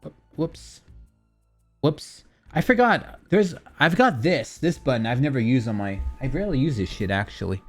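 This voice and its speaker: A man's voice: medium pitch, big pitch swings, moderate pace, faint music behind. Rambling, profane young streamer man. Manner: rambling, profane, self-mocking. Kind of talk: casual streaming chat. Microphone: desk mic through a streaming mixer.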